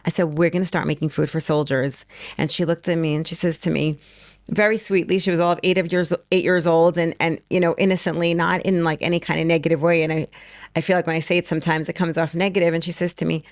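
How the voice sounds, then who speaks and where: A woman's voice: fairly low pitch, fast talker, no room sound. A middle-aged woman telling a story in casual conversation as a guest, acting out the quotes as she goes. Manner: animated, acts out quotes.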